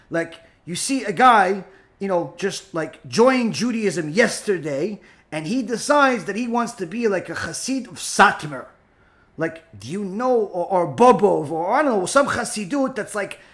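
A rabbi and teacher with a high, fairly bright voice gives an informal spoken lecture. He rambles with lots of fillers and turns emphatic and scolding.

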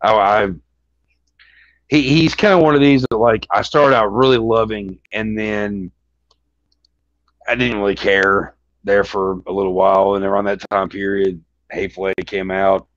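A man's voice: lowish voice, fairly even intonation, measured pace, fairly bright tone, dry recording. A man co-hosting a podcast in casual chat, rambling with many restarts and constant swearing. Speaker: podcast co-host. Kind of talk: casual chat about movies. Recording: dull lo-fi sound.

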